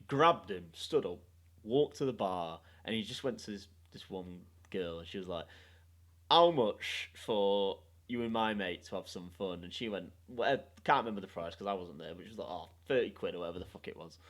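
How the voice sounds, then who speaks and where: A young man hosting a podcast, telling a story in a sweary, animated way and laughing along. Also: lowish voice. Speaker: podcast host. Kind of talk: casual storytelling chat.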